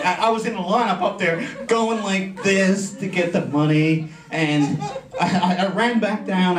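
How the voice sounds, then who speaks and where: A man giving a humorous contest speech, telling an animated story to an audience that laughs along. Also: on the high side. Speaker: contest speaker. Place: convention hall. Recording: echoey hall, mic from far off.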